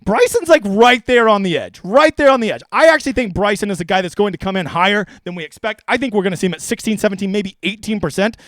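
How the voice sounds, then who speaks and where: A man's voice: sits high, expressive, fast, few pauses, fairly bright tone, no room sound, studio quality. A man hosting a fantasy sports live stream, talking in a brash, profane, rambling way. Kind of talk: casual live stream commentary.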